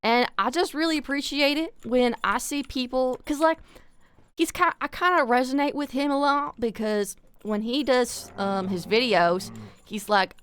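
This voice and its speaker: A woman live streamer chatting casually, rambling excitedly and swearing freely. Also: sits high, moderate pace, a little hiss or hum. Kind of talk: casual chat.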